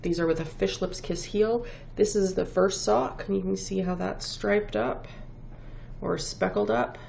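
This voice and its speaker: A woman's voice: medium pitch, fairly even intonation, a little slow, creaky, darkish tone. A woman with a head cold, sniffling as she hosts a casual knitting podcast, rambling and correcting herself as she shows off her finished work. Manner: rambling, self-correcting, lots of ums. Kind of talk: casual show-and-tell chat. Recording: dull lo-fi home recording with faint background noise.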